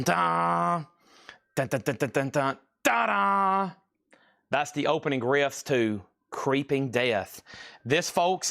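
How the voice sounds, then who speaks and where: A man hosting a live-stream record auction, rattling off prices and bids in quick, playful sales patter. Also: mid-range voice, fairly bright tone.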